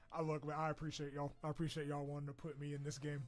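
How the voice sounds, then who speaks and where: He talks quickly in a fairly high voice with little pitch movement. This young streamer reacts to a character wishlist in a casual, profane, jokey way, cracking up now and then as video game music plays.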